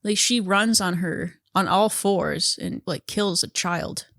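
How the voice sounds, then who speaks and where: Woman, podcast co-host, casual chatter, gravelly fry, dry close sound. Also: fairly low pitch, slow, fairly bright tone, no echo. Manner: chatty, lots of "like" fillers, laughs often, swears casually. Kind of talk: casual chat.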